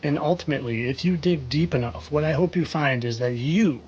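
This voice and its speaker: A man's voice: a little high, fairly quick, a little mellow, lo-fi sound, slight background noise. A man hosting a commentary video, speaking in a knowing, rhetorical way and repeating phrases for effect. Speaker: video host. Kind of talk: insinuating commentary monologue.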